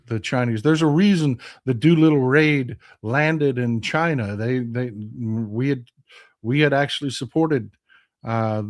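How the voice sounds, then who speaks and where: A fifty-year-old man with a Texan accent, hosting a casual live stream and reading viewer comments aloud, often restarting his phrases. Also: medium pitch. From Texas. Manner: reads chat aloud, greets viewers by name, self-correcting restarts.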